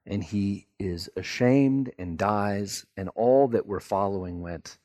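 A man preaching a sermon, telling the story in an animated way and acting out the people in it. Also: lowish voice, slow pace, few pauses, no echo, clean studio sound. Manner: animated storytelling, acts out voices. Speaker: pastor.

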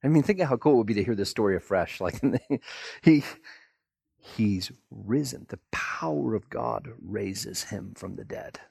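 Animated husky-voiced male preacher. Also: on the low side, unhurried, no room sound, studio quality. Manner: animated storytelling, acts out voices. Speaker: pastor. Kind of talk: sermon.

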